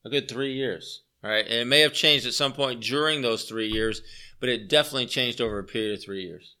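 Bright-voiced man preaching a sermon. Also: medium pitch, fairly quick, smooth. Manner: earnest, repeats phrases for emphasis, asks listeners rhetorical questions. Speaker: pastor. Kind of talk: conversational sermon.

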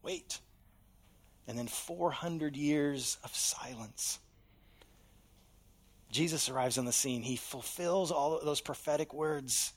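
A man preaching a sermon, dropping to a hush and then rising loud as he acts out voices. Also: a little high, slow, long pauses. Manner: dramatic, swings from hushed to loud, acts out voices in quotes. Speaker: pastor.

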